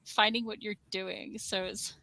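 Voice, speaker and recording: A woman's voice: mid-range voice, fairly even intonation, a little slow, vocal fry, sharp tone, no echo. A woman hosting a casual livestream, talking in a chatty, rambling way and cooing at her cat now and then. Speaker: livestream host.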